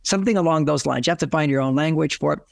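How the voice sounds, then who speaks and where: A man's voice: fairly high pitch, racing, gravelly, dry recording, studio quality. An older man, a relationship author, giving advice in an interview and acting out the lines couples say. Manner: explanatory, acts out quoted lines.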